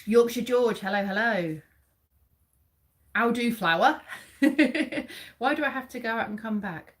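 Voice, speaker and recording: A woman's voice: fairly high pitch, animated, slow. Chatty British woman hosting a live quiz. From England. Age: 40s. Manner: chatty, reads out facts and answers viewers by name. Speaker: livestream host. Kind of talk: casual live quiz chat. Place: dim room at home.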